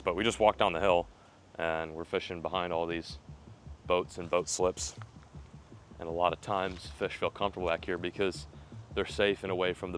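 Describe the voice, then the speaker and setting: A young man hosting a fishing vlog from a rocky riverbank, chatting casually and breaking into excited shouts when fish show up. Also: low voice, a little hiss or hum. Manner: excitable, bursts into loud yelling when fish appear. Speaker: fishing video host. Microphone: camera mic, filmed by a camera operator.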